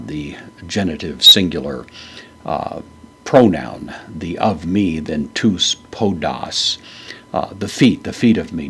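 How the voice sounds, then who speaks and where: A man giving a methodical verse-by-verse grammar lesson, pausing often with "uh" fillers. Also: extremely low pitch, slight background noise. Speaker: Greek New Testament teacher.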